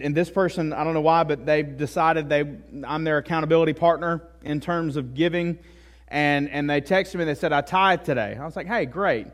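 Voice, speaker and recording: A male pastor delivering a sermon in a conversational way, with frequent asides and tag questions. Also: on the high side. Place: church.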